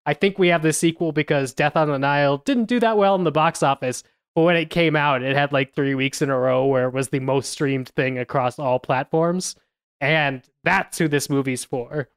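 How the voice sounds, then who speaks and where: A man's voice: fairly high pitch, moderate pace, smooth, no echo, studio quality. A man co-hosting a podcast, reviewing a film in casual chat with many hesitations and fillers. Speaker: podcast co-host.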